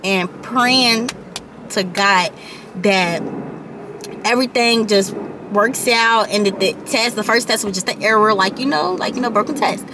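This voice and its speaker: A woman's voice: mid-range voice, measured pace, background noise. A young woman in her late teens telling a personal story to her viewers in a chatty storytime vlog, often calling them y'all and repeating herself. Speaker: vlogger.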